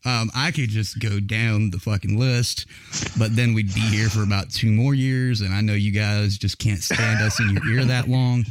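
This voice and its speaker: A man's voice: fairly low pitch, fairly even intonation, moderate pace, a little hiss or hum. A man hosting a podcast in casual chat, rambling and swearing through his stories. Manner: profane, rambling storyteller. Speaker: podcast host.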